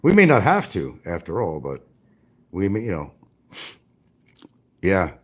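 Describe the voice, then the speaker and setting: A man's voice: low-pitched, huge pitch swings, measured pace, breathy edge. A man hosting a stream, giving casual, sarcastic commentary and taunting the person he talks about from an indoor room. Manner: sarcastic and taunting, addressing his target as "son". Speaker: stream host.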